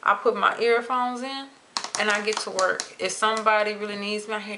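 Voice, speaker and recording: A young adult woman vlogging to camera in a chatty, expressive way, stretching words for emphasis. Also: mid-range voice, brisk, background noise. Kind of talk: casual chat to camera.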